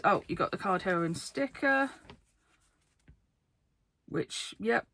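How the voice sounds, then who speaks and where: Excited fast-talking woman vlogger. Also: medium pitch, a little hiss or hum. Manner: fast, excitable, laughing often. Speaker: card game YouTuber. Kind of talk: casual vlog talk to camera. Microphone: camera facing her.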